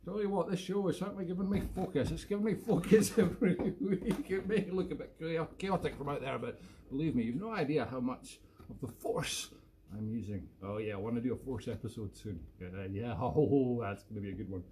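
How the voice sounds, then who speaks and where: A man's voice: mid-range voice, fairly quick, background noise. A Scottish man hosting a weekly live music show from home, chatting casually and jokily between tunes and poking fun at himself. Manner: playful, jokey and self-mocking.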